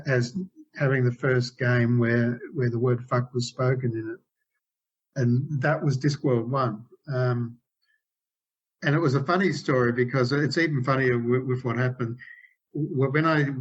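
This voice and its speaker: Man, 60s, interview guest, rambling storyteller with many restarts, middling pitch, dull video-call audio. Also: slightly rough. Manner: rambling, frequent restarts and self-corrections. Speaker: game developer guest.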